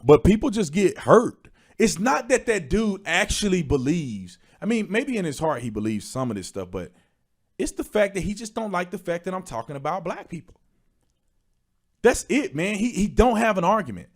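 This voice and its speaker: A young man, hosting an opinion stream and preaching his points, sometimes rising to a shout. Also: high-pitched, big pitch swings, moderate pace. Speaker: livestream host.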